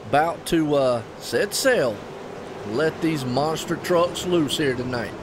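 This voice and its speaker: A man from North Carolina with a Southern US accent, calling a live race in a chatty, excitable play-by-play that keeps turning to folksy asides to viewers. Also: fairly high pitch, slow pace, background noise. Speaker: race commentator.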